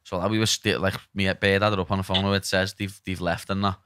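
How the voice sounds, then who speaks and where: A man's voice: low voice, little pitch movement, fast talker, fairly bright tone, smooth, dry recording, studio quality. A young man with a Liverpool accent, chatting casually on a podcast as the guest and telling stories full of "lad". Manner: chatty storytelling, peppered with "lad". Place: podcast studio.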